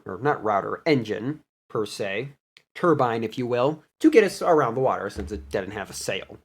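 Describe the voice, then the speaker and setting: A young man casually retelling a tabletop game session, animated and laughing as he goes. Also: mid-range voice. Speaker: player recapping a campaign. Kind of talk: casual storytelling recap.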